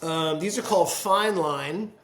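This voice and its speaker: Speaking slightly high, slightly slow, and a bit bright, this podcast host chats over a video call from his home pottery studio, where the sound echoes roomily. He's talkative and warm, laughs a lot, and puts on playful voices for quotes.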